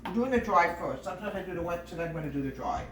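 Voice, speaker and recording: A woman's voice: fairly low pitch, animated, fast. Chatty homespun woman in an echoey kitchen. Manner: chatty and homespun, often calls the viewers "folks" and wanders off topic. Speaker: home baking video host. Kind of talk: casual cooking demonstration. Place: home kitchen. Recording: echoey kitchen with background noise.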